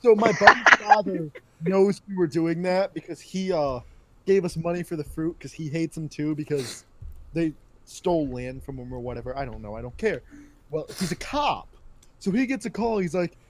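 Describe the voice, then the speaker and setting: A man's voice: a little high, expressive, normal speed, a little hiss or hum. A young man telling a profane story to friends on a casual podcast, rambling and often laughing. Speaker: podcast host.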